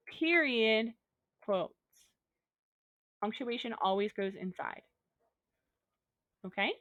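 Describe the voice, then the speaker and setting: Woman teacher, upbeat and goofy, patient step-by-step explainer, average pitch, dry close recording. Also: expressive, takes it slowly, pauses often, sharp tone, no echo, highs cut off. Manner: upbeat, goofy, talks through examples step by step. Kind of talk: recorded online lesson.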